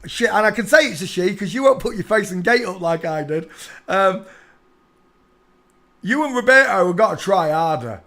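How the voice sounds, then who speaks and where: A man's voice: high-pitched, lively intonation, moderate pace, vocal fry, long pauses, fairly bright tone. A man giving a casual, mocking rant over pictures as an online commentator, breaking into laughter and chanting phrases over and over.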